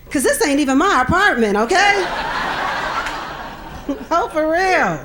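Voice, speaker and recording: Sassy high-voiced woman comedian. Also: big pitch swings, measured pace, noisy background. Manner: sassy, punchy, laughs at her own jokes. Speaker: stand-up comedian. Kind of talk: stand-up comedy set.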